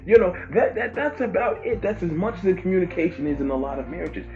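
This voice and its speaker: Male pastor, mid-pitched, preaching informally with emphatic repetition; muffled recording, soft music underneath. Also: fast. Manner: emphatic, repeats phrases for stress. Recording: dull lo-fi with faint music.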